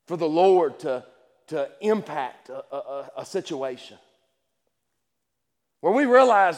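A man's voice: a little high, animated, unhurried, long pauses. A man preaching a sermon with passion, repeating words and restarting his sentences. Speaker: pastor. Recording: long hall reverb.

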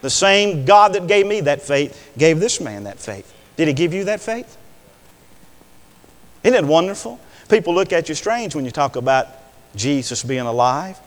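An older male preacher delivering an impassioned sermon, swinging between hushed words and loud declarations. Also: a little high, animated, normal speed. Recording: long hall reverb.

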